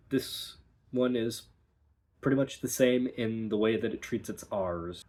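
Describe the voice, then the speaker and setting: Man, dialect coach, low-ish voice, very slow, word-by-word demos. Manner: slow, deliberate, modeling vowel sounds word by word. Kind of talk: accent lesson with spoken demonstrations.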